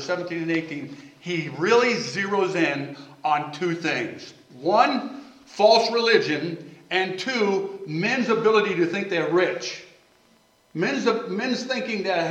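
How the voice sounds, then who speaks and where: Guy preaching, kinda high voice, off from the mic in a roomy church hall, a bit of hiss. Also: expressive, moderate pace, a bit bright. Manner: conversational preaching with frequent restarts. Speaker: pastor. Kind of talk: sermon reading and explaining scripture. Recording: echoey room, mic at a distance, faint noise.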